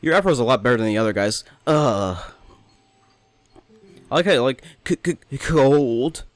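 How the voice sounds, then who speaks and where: A man's voice: medium pitch, lively intonation, normal speed, clear, resonant tone. A young man casually commentating his gameplay, rambling, joking and talking to the characters on screen. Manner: rambling, joking, talks to the game. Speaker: let's play host.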